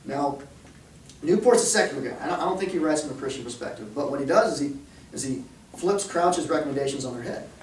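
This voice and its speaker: A man's voice: on the high side, animated, quick pace, a little hiss or hum. A man giving a conversational talk to parents at a church, often checking in with the room with "okay?" and "right?". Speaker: speaker at a church. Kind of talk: talk to parents and youth leaders. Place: church hall. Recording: echoey hall, speaker far from mic.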